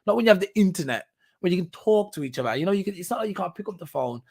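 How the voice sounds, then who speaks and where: A man's voice: sits high, expressive, very fast, creaky, darkish tone, breathy edge. A man hosting a podcast, talking alone in a casual, rambling way with many fillers, restarts and bursts of laughter. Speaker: podcast host. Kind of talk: casual solo commentary.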